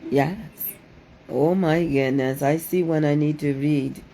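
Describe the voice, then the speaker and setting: A woman's voice: deep voice, fairly even intonation, slow, dark tone, slight background noise. Dramatic woman exclaiming. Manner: dramatic, exclaiming, repeats phrases in a sing-song way. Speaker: livestream host doing card readings. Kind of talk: playful livestream chat.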